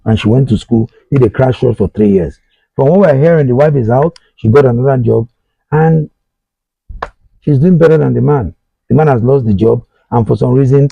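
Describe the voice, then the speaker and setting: A man's voice: medium pitch, gravelly, husky, no room sound, dull audio. A middle-aged Nigerian man hosting a talk show, giving earnest advice and repeating his points while speaking straight to his listeners. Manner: earnest, repetitive, addresses listeners directly. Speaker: host. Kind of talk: advice monologue.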